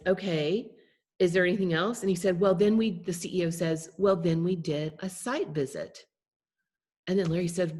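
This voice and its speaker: A woman with a slightly low voice walks her class through a story during a video call. She talks conversationally and keeps checking in with her listeners. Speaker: class presenter. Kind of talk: storytelling lesson.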